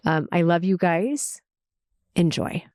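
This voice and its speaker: Unhurried woman introducing her podcast. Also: lowish voice, no room sound, studio quality. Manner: relaxed and affectionate, with many ums. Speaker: podcast host.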